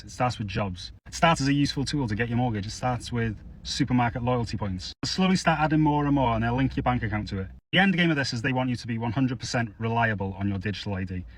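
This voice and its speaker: A man's voice: on the low side, husky, low-quality recording. A man delivering an angry social media rant, heated, sarcastic and insistent.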